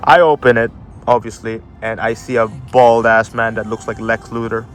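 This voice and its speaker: A man's voice: medium pitch, little pitch movement, measured pace, pauses often, soft background music. A young man casually telling a story, swearing a lot and using slang, laughing as he goes. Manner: profane, slangy, laughs often while telling.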